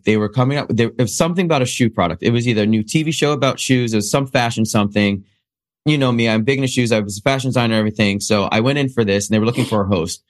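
A man hosting a podcast, telling stories in a lively way and acting out the other people's voices. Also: lowish voice. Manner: animated storyteller, acts out quoted voices. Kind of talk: casual podcast chat.

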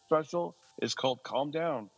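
A man's voice: a little slow, soft background music, poor audio. A man in his forties, a stand-up comedian, chatting casually and animatedly, slipping into funny voices. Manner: animated storyteller who slips into high-pitched joke voices. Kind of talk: casual podcast chat.

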